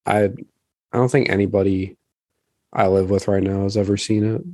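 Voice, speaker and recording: A man's voice: lowish voice, fairly even intonation, normal speed, darkish tone, no room sound, studio quality. A man co-hosting a podcast, chatting casually and laughing along easily. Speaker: podcast co-host. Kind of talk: casual chat.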